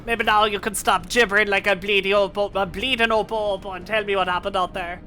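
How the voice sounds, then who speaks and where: A woman voicing a gruff, impatient old male craftsman who talks bluntly and scolds. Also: medium pitch, fairly even intonation, brisk, sharp tone, faint music behind, close to an everyday voice.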